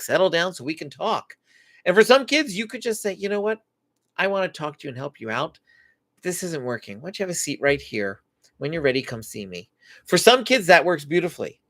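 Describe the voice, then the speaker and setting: Give me an earnest middle-aged man host teaching casually, with a lively, bouncing delivery. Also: on the high side, dry recording, clean studio sound. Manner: animated, earnest explaining; relaxed, conversational with fillers. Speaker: parenting show host. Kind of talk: live Q&A teaching talk.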